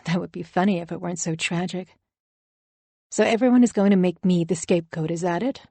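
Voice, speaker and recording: A woman's voice: lowish voice, a little fast, creaky, dark tone, no echo. A woman narrating a first-person audiobook thriller in a wry, anxious storytelling manner.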